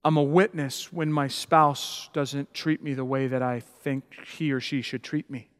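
A man preaching a sermon as pastor, emphatic and building to loud, passionate peaks. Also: medium pitch, level tone, a little slow, clean tone, big-room sound.

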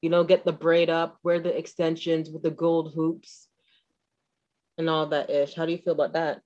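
Outspoken woman with a slightly low voice in casual chat, dull lo-fi recording. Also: flat delivery, moderate pace, a little mellow. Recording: dull lo-fi sound.

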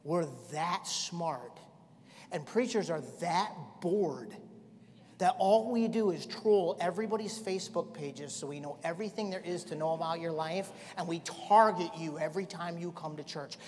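A middle-aged man preaching a sermon as pastor, swinging from shouting to quiet storytelling. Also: on the high side. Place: church hall. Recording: echoey church hall.

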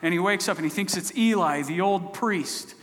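A man's voice: high-pitched, moderate pace. A man preaching a sermon, retelling stories in a conversational, storytelling way. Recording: long hall reverb.

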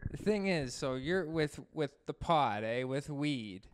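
A man in his late thirties, co-hosting a casual podcast chat, rambling and laid-back with sudden loud bursts when joking. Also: fairly high pitch, lively intonation, unhurried, a little hiss or hum. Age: 30s. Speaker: podcast co-host.

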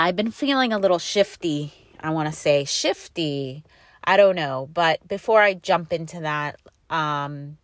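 A woman's voice: fairly low pitch, dry recording, studio quality. A middle-aged woman hosting her own podcast from inside a car, telling rambling, upbeat stories full of fillers. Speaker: podcast host. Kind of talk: casual chatty podcast monologue.

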